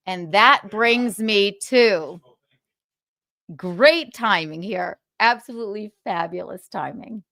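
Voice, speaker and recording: A woman's voice: lowish voice, fairly bright tone, dry recording. A woman hosting a livestream, ranting in a sarcastic, profane way and laughing between jabs. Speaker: livestream host.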